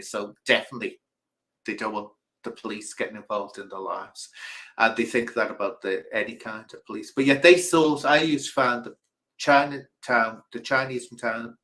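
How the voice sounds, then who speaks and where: A middle-aged man, hosting a casual livestream chat and telling stories in an animated way. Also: medium pitch, poor audio. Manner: animated storyteller, mimics people in quotes. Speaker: host.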